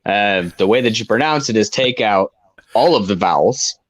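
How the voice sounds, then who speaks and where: A man from Illinois with a mild East Tennessee Southern accent, an easygoing guest on a video call who pauses with fillers. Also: on the low side, lively intonation, dry recording. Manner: easygoing, laughs lightly, hesitant fillers. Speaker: guest caller. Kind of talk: casual chat.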